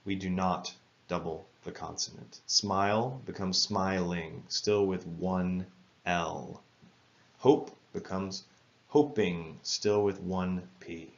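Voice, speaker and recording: A man teaching English spelling rules in a careful, measured lesson narration, spelling words out letter by letter. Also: low-pitched, fairly even intonation, vocal fry, muffled recording.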